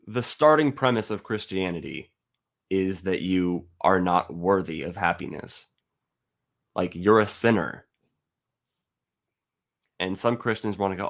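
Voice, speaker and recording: Blunt, profane man ranting. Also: deep voice. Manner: reads a passage aloud slowly. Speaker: atheist video host. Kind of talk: ranting monologue to camera.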